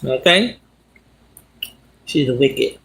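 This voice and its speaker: An animated vlogger walks through the city and retells a movie plot in loose, slangy street talk. The voice swings up and down often and breaks into laughter. It leans on the listener with repeated asides. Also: mid-range voice, extremely slow, creaky. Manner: animated, slangy, laughs as it talks, asks "you understand?". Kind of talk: casual storytelling while walking.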